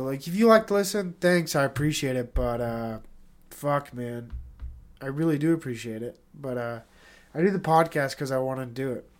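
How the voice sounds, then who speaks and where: A congested man hosting his own podcast, rambling in a casual solo monologue, self-critical and swearing often. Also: mid-range voice. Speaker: podcast host.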